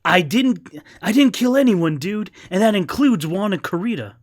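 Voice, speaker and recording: A man's voice: high-pitched, lively intonation, moderate pace, a little hiss or hum. A man voicing a laid-back young male actor in a video game, in a slacker drawl.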